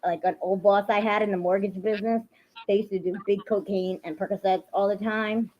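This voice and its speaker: A woman's voice: mid-range voice, fairly even intonation, a little fast, slight background noise. A woman hosting casual reaction commentary, chatty and sarcastic. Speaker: commentary host. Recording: dull lo-fi audio.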